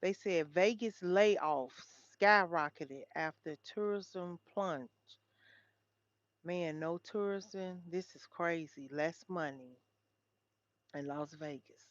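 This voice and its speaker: A woman's voice: lowish voice, slow pace, no echo. Woman livestream host, chatty, talks straight to her viewers, dull dry lo-fi sound. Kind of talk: casual livestream chat reading headlines.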